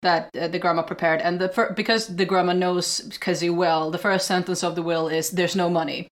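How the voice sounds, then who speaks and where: A woman co-hosting a podcast, recapping a film in casual chat, animated and full of restarts and acted-out quotes. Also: lowish voice, fairly quick. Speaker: podcast co-host.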